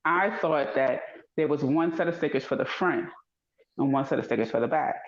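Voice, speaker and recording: A woman in casual chat, telling stories with animation and acting out dialogue in a higher voice. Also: normal speed. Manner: animated storytelling, acts out dialogue in high voice. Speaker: podcast co-host. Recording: dull echoey room.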